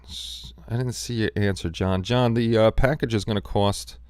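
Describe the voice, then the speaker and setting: A man's voice: on the low side, fairly even intonation, moderate pace, darkish tone, clear, resonant tone, no room sound, studio quality. A man hosting a casual live stream, chatting in a rambling way and answering viewers by name. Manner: rambling, chatty, talks back to chat by name. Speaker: live stream host reading chat.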